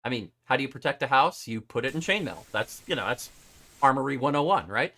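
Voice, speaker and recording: A man hosting a casual live-streamed chat show, animated and often laughing and stumbling over his words. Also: medium pitch, fairly quick. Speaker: show host.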